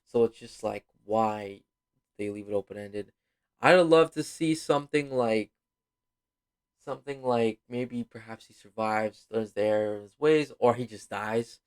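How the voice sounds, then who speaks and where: Low-voiced man rambling casually. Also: measured pace, clean tone. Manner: rambling, many fillers and apologies. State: yawning, tired. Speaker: video host reviewing a film. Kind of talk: casual spoken review.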